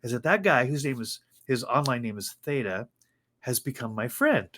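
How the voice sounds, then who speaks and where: A man's voice: mid-range voice, normal speed. A man co-hosting a casual chat, telling stories animatedly and talking about faith. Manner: animated storytelling with faith talk. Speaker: co-host.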